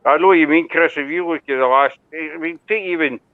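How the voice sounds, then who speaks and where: A man's voice: on the high side, a little fast, clear, resonant tone, no room sound. A man from Scotland with a Scottish accent, chatting casually on a live stream and rambling along with the occasional swear. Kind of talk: casual chat. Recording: tinny phone-like line, dry.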